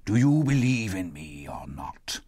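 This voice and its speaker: A hollow, hoarse whisper of a doomed male ghost, as a male narrator puts him on. He drags every word out slowly and mournfully. The sound is dry and close. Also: low voice, big pitch swings, darkish tone, no room sound, exaggerated voice. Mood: solemn. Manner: slow, drawn-out, hollow delivery. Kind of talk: audiobook narration.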